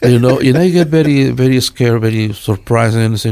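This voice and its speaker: Gravelly Guatemalan man in his sixties. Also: mid-range voice, mellow, no room sound. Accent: Guatemalan Spanish. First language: Spanish. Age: 60s. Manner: halting, earnest, with many restarts and learner's grammar. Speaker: pastor. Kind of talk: telling his life story in an interview.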